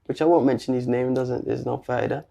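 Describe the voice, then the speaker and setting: A man with a British accent tells a personal story in a relaxed interview, his voice gravelly and dark. He talks in casual street slang and acts out the back-and-forth himself. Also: medium pitch, a little fast. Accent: British English. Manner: animated, slangy street talk with quoted dialogue. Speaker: guest.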